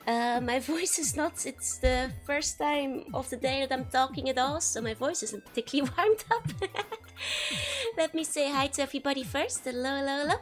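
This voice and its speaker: Bubbly hoarse woman with a Dutch accent. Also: sits high, moderate pace, soft background music. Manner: bubbly, laughs often, greets chat by name. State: hoarse from being sick. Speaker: streamer. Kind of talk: casual live-stream chat.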